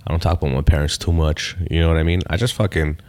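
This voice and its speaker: Casting: male comedian guest, very low voice, laid-back and profane, casual podcast chat. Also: steady tone, fast, a little mellow. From Canada. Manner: laid-back, swears freely, repeats phrases.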